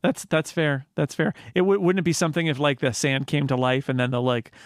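A man co-hosting a casual film discussion podcast, rambling and joking with quick asides. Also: fairly high pitch, steady tone, no echo, studio quality. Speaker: podcast co-host.

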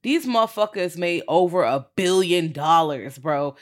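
A podcast co-host in a casual movie review chat, animated and profane, jumping up in pitch to act out quotes. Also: a little slow.

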